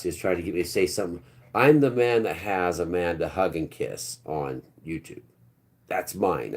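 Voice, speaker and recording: A man in his fifties with a very low voice talks loosely to his livestream chat. He wanders from point to point and often drops into quiet mutters. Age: 50s. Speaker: livestream host. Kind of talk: rambling live-stream chat with viewers.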